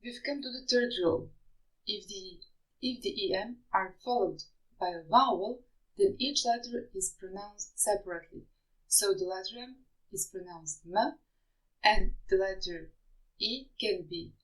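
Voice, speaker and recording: A woman teaches pronunciation in English. She talks slowly and patiently and over-articulates her example words. Her voice sits at a middle pitch. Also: low-quality recording. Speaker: French teacher. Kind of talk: slow, deliberate pronunciation lesson.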